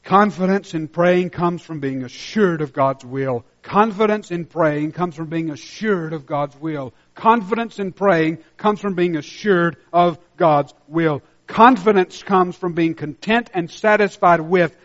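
Fervent high-voiced male pastor preaching. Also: measured pace. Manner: swings between hushed intensity and loud emphatic exhortation. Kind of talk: sermon. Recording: muffled lo-fi sermon recording.

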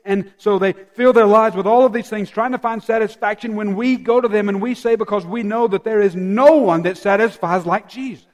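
A man preaching a sermon emphatically, swinging from loud peaks down to hushed, near-whispered lines. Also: sits high, a little fast, few pauses, big-room sound. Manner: emphatic, rising and falling dynamics, dropping to near-whispers.

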